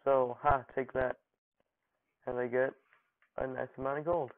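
A young man hosting a gaming channel talks casually over what he's playing, joking and throwing mock-dramatic taunts at opponents. His mid-range voice is flat and unhurried, captured in a dry, narrow, phone-like recording.

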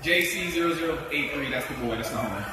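A young man doing a stand-up comedy set, animated and laughing at his own jokes, a bit out of breath. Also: a little high, fast talker. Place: convention hall. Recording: echoey hall, mic from far off, crowd noise.

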